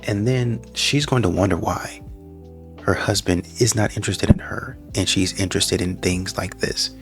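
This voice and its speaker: A man's voice: low-pitched, moderate pace, faint music behind. A man giving a mocking dating commentary and firing off rhetorical questions. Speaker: reaction commentator.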